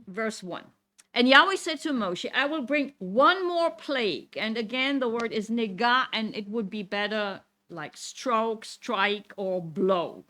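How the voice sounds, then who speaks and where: A woman with a slightly high, bright, forceful voice leads a Torah lesson for a congregation in a synagogue classroom. Reading verses out loud, she unpacks Hebrew terms and repeatedly asks "Okay?" to check in.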